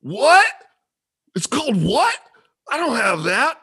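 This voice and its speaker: A man voicing a chatty, clueless Scottish gamer in a put-on Scottish accent, loud and rambling. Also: extremely high pitch, wildly swooping pitch, takes it slowly, breathy edge, pitched above the performer's own voice, exaggerated voice. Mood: excited, confused.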